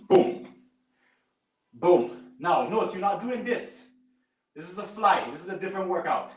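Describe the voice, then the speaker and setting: A high-voiced man talks a home audience through a resistance band workout, punctuating each rep with a quick "boom." He stands back from the mic in a bare, echoing room. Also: recorded from a distance. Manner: coaching, repeats "right?" and "boom". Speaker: fitness instructor. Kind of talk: live workout demonstration. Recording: echoey room, away from mic.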